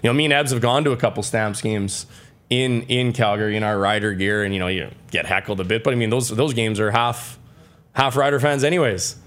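A man's voice: fairly low pitch, fairly even intonation, fairly quick, a bit bright. A man in his forties from Saskatchewan, a guest chatting casually in an interview and rambling with lots of fillers and restarts. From Saskatchewan, Canada. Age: 40s. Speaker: guest athlete.

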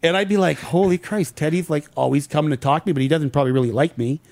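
Middle-aged male ex-athlete guest; slightly higher voice, animated storyteller who acts out the dialogue, dry room. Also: racing, gravelly, no echo. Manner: animated anecdotes acting out quoted dialogue. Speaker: former pro hockey player, guest. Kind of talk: casual storytelling in an interview.

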